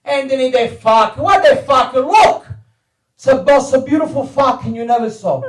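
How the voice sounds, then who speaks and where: A man voicing a hot-tempered Italian father who yells in a thick, mangled accent. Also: very high-pitched, normal speed, noisy background, pitched above the performer's own voice. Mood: yelling, excited. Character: loud old-school Italian father, hot-tempered hunter. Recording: roomy, far from the mic.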